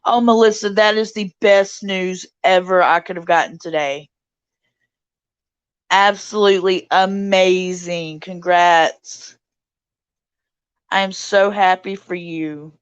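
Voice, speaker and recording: A woman hosting a casual livestream chat, reading out viewer comments and answering them warmly. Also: on the low side, steady tone, slow, pauses often, clean tone, dry recording, dull audio. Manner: warm, reads out viewer comments and greets chatters. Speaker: livestream host.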